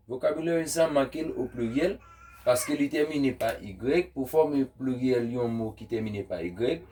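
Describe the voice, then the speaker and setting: A man teaching vocabulary at an unhurried pace, repeating each word before giving its meaning. His voice sits at an ordinary pitch and sounds a little distant from the microphone. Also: darkish tone. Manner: repeats each word slowly, then gives the translation. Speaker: language teacher. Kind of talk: vocabulary lesson. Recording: voice from a distance off the mic.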